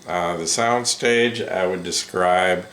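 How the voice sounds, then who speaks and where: A man giving a casual first-impressions review of headphones, unhurried and full of ums and self-corrections. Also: low voice, a bit bright. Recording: roomy echo.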